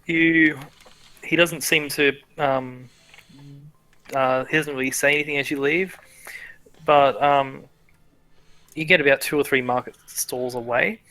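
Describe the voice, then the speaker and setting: A man's voice: medium pitch, steady tone, a little slow, long pauses, sharp tone, poor audio. A man narrating as game master in a casual, laughing manner with many restarts. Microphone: headset or desk mic, streaming.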